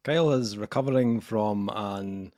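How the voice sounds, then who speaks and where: A man's voice: lowish voice, measured pace, warm tone, no echo, clean studio sound. A man hosting a casual podcast chat, joking and laughing often with his co-host. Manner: jokey, laughs often, teasing.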